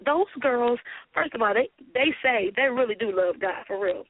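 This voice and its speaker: A woman from Richmond, Virginia, a guest singer telling stories in a casual radio interview with lively energy. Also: a little high, moderate pace, a crowd in the background. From Richmond, Virginia, USA. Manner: animated, acts out quoted voices. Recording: phone-like radio interview audio.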